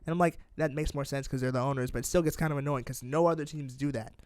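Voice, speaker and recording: A young man co-hosting a sports podcast, talking in rapid, animated bursts and often trailing off mid-sentence. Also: medium pitch, dry recording. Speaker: podcast co-host. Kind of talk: casual sports chat.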